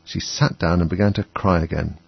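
A man's voice: low voice, fairly even intonation, brisk, vocal fry, husky, no echo. A man narrating a children's storybook expressively as an audiobook, on a dull, dry recording.

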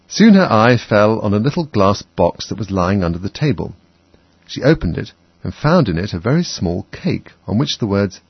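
A man's voice: on the low side, sing-song, a little fast, breathy edge, no room sound. A man narrating a children's storybook expressively as an audiobook, on a dull, dry recording.

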